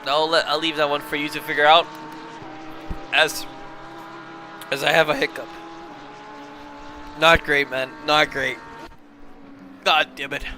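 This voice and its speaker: A man's voice: fairly high pitch, flat delivery, unhurried, long pauses, pushed and bright, slight background noise. A young man commentating a sim race live while fighting a bout of hiccups, apologising and laughing at himself between calls. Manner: flustered, self-mocking, apologetic between calls.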